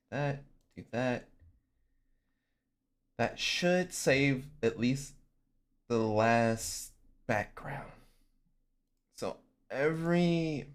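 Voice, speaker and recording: A man chatting casually on a livestream, swearing freely and often breaking into laughs. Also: mid-range voice. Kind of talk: casual stream chat.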